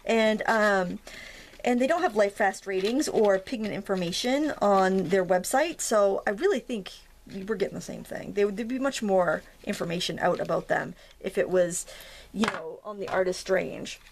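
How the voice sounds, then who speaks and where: A woman from Maine with a Maine accent, demonstrating a craft project in a chatty, joking manner. Her voice has a gravelly edge at a middle pitch. A faint hiss sits under the recording. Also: normal speed. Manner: chatty, jokey, self-deprecating. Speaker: craft tutorial host.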